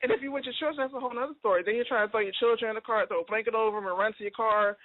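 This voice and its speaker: A woman co-hosting a casual chat show, talking fast and emphatically and acting out quoted voices. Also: a little high, no room sound. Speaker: co-host. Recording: tinny phone-like line, dry.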